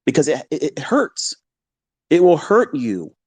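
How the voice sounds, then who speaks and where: A middle-aged man, a trading mentor, talking unfiltered in a live audio room from his home basement, blunt and heavily profane, at times breaking into heated yelling. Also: on the high side, huge pitch swings, unhurried, slightly rough, no room sound.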